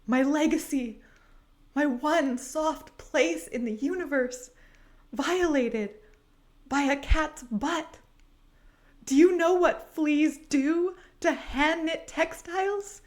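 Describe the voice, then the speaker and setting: A woman voicing an overdramatic, sobbing diva who wails in a high, theatrical way. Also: takes it slowly. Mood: melodramatic wailing. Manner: wailing, melodramatic.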